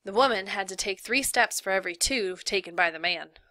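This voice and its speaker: Bright-voiced woman reading a novel. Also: mid-range voice, no echo. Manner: steady, measured narration. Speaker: reader.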